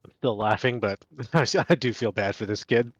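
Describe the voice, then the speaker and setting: A man's voice: medium pitch, moderate pace, slightly rough, no room sound, highs cut off. A man chatting casually on a live gaming stream, laughing as he tells stories.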